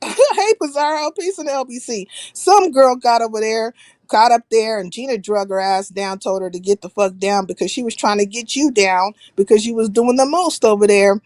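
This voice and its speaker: A woman runs a laid-back live stream, speaking bluntly and cursing freely, and she stops now and then to give viewers shout-outs by name. Her pitch is fairly high and the recording is dry.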